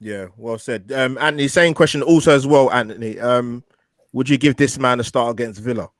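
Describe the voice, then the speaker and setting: A man hosting a casual panel discussion, moderating in a brisk, friendly way and passing questions to guests. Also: medium pitch, dry recording. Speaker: host.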